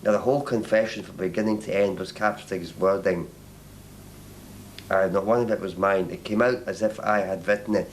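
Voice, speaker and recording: A man giving a halting archival interview, often repeating and restarting his words. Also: sits low, fairly even intonation, slight background noise, low-quality recording.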